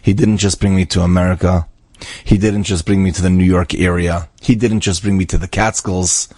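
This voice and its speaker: A man's voice: sits low, level tone, brisk, a little mellow, no room sound. A man voicing an earnest, humble, grateful young Israeli man in a spoken story.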